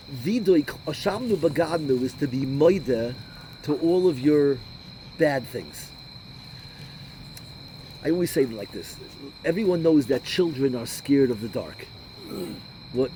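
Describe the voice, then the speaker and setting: A rabbi preaching an animated sermon, sprinkling Hebrew and Yiddish terms through his English. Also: medium pitch, a little hiss or hum, poor audio.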